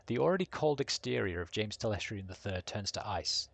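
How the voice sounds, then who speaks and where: A man with a lowish voice streams a game live and reads out its story text and dialogue. He reads at an even pace and breaks off into joking asides. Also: fairly quick, gravelly, few pauses, dry recording. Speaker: streamer reading a game aloud.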